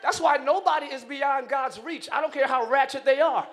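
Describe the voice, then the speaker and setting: A male pastor with a very high, ringing voice preaches to a live church congregation. He drives the sermon with shouted, energetic lines and keeps the crowd answering back to him. A faint hum of the room sits under his voice. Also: moderate pace. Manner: energetic, shouting, call-and-response.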